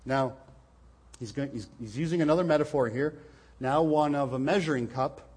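A man's voice: medium pitch, moderate pace, darkish tone, husky. A man preaching a sermon, earnest and explaining scripture, often repeating words as he stresses a point.

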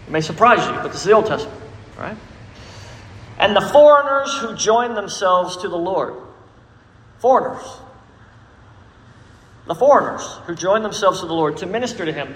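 Emphatic high-voiced preacher. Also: male voice. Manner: preachy and emphatic, asks the congregation questions. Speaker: pastor. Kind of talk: sermon. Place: church sanctuary. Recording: echoey reverberant church hall.

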